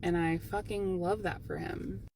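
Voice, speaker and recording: Tired, gravelly woman in her late 30s. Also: fairly low pitch, steady tone, measured pace, a little mellow, a little hiss or hum. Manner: sarcastic, gleeful. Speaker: vlogger. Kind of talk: casual commentary. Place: parked car in a school pickup line.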